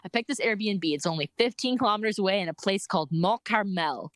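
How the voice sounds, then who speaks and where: A young woman casually telling a story about her bike trip, animated, laughing often and filling her talk with "like". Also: medium pitch, brisk, dry recording.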